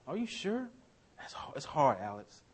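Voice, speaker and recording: A man voicing a whispering tempter spirit in a whispered role-play, hushed and coaxing. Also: on the high side, very animated, moderate pace, slightly rough. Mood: undermining. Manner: coaxing, insinuating.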